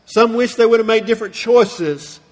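A man with a high, light voice delivers a sermon from the pulpit. His speech rings out with the long reverb of a large hall. He retells the scripture story earnestly, slowing and softening on the grief-filled parts. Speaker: pastor.

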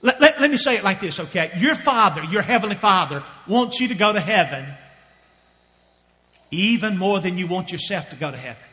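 A man preaching a sermon with passion, often repeating phrases and dropping to a hush before rising again. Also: sits high, lively intonation, a little fast. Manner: impassioned, repeating phrases, swings from loud to hushed. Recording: long hall reverb.

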